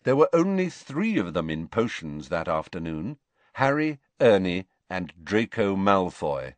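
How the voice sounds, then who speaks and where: A man reading a novel aloud as narrator in a measured, expressive storytelling manner. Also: low voice, no echo. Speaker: audiobook narrator. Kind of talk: scripted narration.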